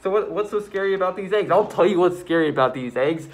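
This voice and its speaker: A man telling a story in a casual vlog, excitable and rambling, with self-mocking asides, while he builds a card house. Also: high-pitched, fast. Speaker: vlogger.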